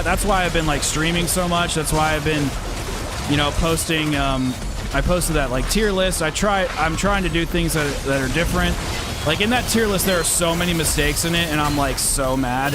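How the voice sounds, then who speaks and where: A man streaming a video game, chatting casually with a rambling, self-deprecating manner. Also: fairly high pitch. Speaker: gaming streamer and YouTuber. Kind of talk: casual livestream chat while playing. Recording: loud game music under the voice. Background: game music and sound effects.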